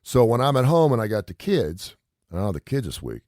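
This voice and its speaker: A man's voice: medium pitch, big pitch swings, fast talker, a little mellow, no echo, clean studio sound. A middle-aged man hosting a radio show, casually telling a long rambling story and acting out the quotes. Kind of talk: casual chat.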